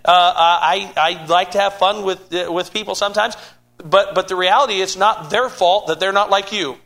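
A man preaching a sermon in a high, bright voice. He stammers and restarts phrases often, building an emphatic cadence as he drives each point home. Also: steady tone, moderate pace, creaky. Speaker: pastor.

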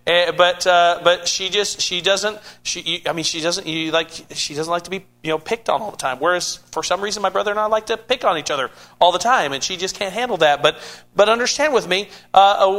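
A pastor preaches a sermon in a high, bright voice, often stammering and restarting phrases as he builds an emphatic cadence to drive each point home.

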